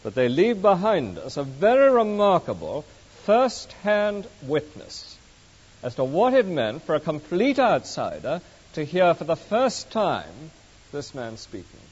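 A man delivers a sermon in a measured, storytelling manner, his pitch rising and falling with lively expression. The sound is muffled and carries a long, echoing reverb from a large hall. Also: slightly rough. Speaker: preacher.

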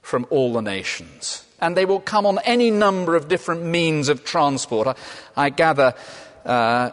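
A man's voice: a little high, expressive, normal speed. A man preaching a sermon in a conversational way, asking and answering his own questions. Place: church. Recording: long reverb of a large hall.

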